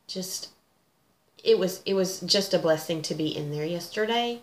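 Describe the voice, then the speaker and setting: Speaking at a moderate pace in a lowish voice, a middle-aged cross-stitch vlogger gushes about her hobby in casual chat. Her recording has an echoey room sound and faint background ambience.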